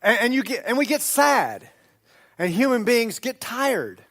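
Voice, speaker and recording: With a very high-pitched, slightly bright voice that swings widely in pitch, a male pastor delivers a sermon in a church sanctuary. He keeps it conversational, drawing out emphatic words and often starting sentences over.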